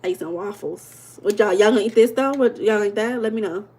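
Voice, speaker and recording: A woman's voice: medium pitch, fairly quick, darkish tone. A woman coach hosting a livestream, speaking in in a playful, teasing way and repeating her questions to viewers in the chat. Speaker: life coach and livestream host.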